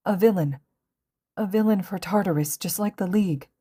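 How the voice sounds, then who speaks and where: A woman's voice: medium pitch, moderate pace, warm tone, husky, voice pushed up, lightly acted. A woman voicing a frightened, tearful seven-year-old boy who pleads in a small voice, read as a fan audiobook. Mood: fearful.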